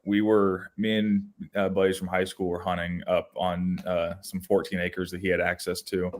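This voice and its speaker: A man's voice: sits low, moderate pace. A young man co-hosting a podcast, telling casual outdoor stories with lots of restarts and fillers. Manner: rambling, animated storytelling with many restarts. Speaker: podcast co-host. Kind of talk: casual storytelling chat.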